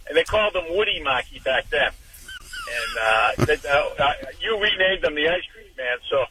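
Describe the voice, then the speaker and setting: A man's voice: fairly high pitch, wildly swooping pitch, normal speed, noisy background. A man calling in to a radio show, chatty and passing on local gossip. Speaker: caller. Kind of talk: call-in radio talk.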